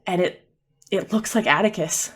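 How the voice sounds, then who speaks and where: A woman's voice: on the low side, moderate pace, fairly bright tone. A woman narrating a tabletop game as game master, casual with many fillers.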